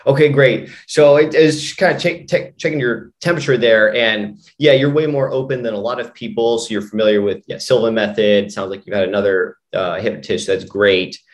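A man's voice: fairly low pitch, moderate pace, hardly any pauses. A man, a hypnotist and mind coach, telling a long story as a guest in a casual interview, rambling with lots of "you know" and "like". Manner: rambling, full of "you know" and "like", frequent restarts.

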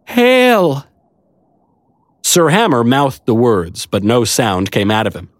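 Reading a first-person story at a moderate pace, a man with a fairly low-pitched voice sounds wry and conversational. The audiobook narration was captured on a close studio mic, leaving no room sound.

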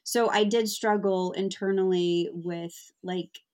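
A woman talking candidly as a guest author in a casual conversation, lively and given to mimicking people. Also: mid-range voice, slow pace. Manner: candid, animated, mimics others.

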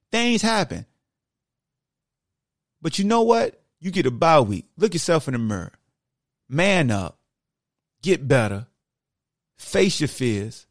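Gravelly-voiced man preaching on a podcast. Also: a little high, unhurried, pauses often, dry recording, studio quality. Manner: animated, preachy, talks straight to listeners. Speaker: podcast host. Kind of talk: casual sports podcast monologue.

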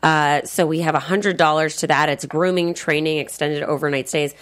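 Upbeat young woman cohost, casual chat, lowish voice. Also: fairly even intonation, normal speed. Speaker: podcast co-host.

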